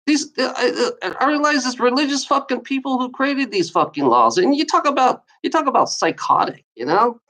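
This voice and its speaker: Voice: high voice, expressive, brisk, few pauses, a bit bright, poor audio. A vlogger reading out odd laws and ranting about them, swearing constantly and scoffing in exasperation. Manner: scoffing laughter between readings.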